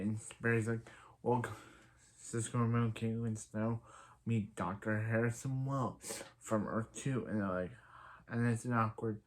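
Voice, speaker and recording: A man's voice: fairly low pitch, steady tone, normal speed. A man reviewing a TV episode in a casual recap, rambling through scenes and retelling them with lots of filler. He quotes the characters in his own everyday voice. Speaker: TV show reviewer.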